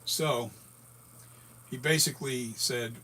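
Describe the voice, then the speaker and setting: A man in his sixties, hoarse from a breathing tube, telling a rambling story with many self-corrections in a casual vlog. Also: mid-range voice, steady tone, slow pace, bright, forceful tone, slight background noise. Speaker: latex mask and prop maker.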